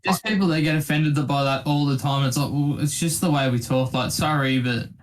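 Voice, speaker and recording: A man's voice: fairly high pitch, steady tone, fairly quick. Laid-back Australian man. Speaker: podcast co-host. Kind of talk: casual chat.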